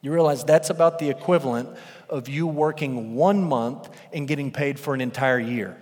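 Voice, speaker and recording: A male pastor preaching a sermon, telling a parable as a lively storyteller who acts out the characters' voices. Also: mid-range voice, normal speed. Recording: long reverb of a large hall.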